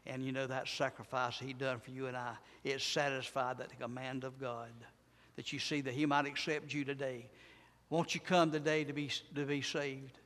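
A man's voice: medium pitch, little pitch movement, moderate pace, fairly bright tone, long reverb tail. A man preaching a sermon in a church, emphatic and repetitive, with rising and falling intensity.

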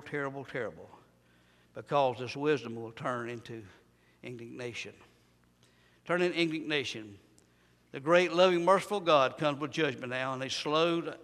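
Male preacher, fervent revival sermon, swings between loud and hushed, a touch high, long hall reverb. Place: church sanctuary.

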